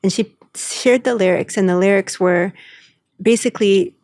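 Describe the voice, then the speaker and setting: A woman co-hosting a podcast who speaks with open emotion and warmth about her own life, switching into lively voices when she quotes friends. Her voice sits in an ordinary middle range. The recording is dry and close, with no room sound behind her. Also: mid-range voice, moderate pace, no room sound. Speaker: podcast co-host. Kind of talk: casual heartfelt chat.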